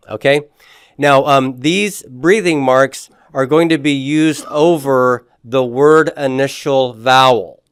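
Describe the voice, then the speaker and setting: A man's voice: medium pitch, smooth, no room sound, clean studio sound. A man teaching a beginners' Greek lesson, explaining patiently and often checking in with "okay?". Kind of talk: classroom lecture.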